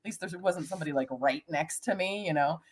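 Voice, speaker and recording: A woman with a notably low voice co-hosts a casual podcast. She tells stories with energy, laughs often and acts out what people said. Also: fast, husky. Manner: animated storyteller, acts out quotes in a high voice; laughs often, big vocabulary. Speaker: co-host. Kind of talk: casual podcast chat and storytelling.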